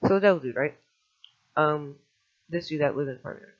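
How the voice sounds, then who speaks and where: A man telling a personal testimony in a fast, scattered way, restarting often and swearing casually. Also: fairly high pitch. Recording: dull lo-fi recording.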